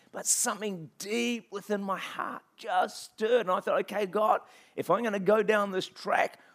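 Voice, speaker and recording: A man preaching a sermon in church, swinging from quiet reflection to loud, impassioned calls and repeating phrases for emphasis. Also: high-pitched. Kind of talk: passionate sermon.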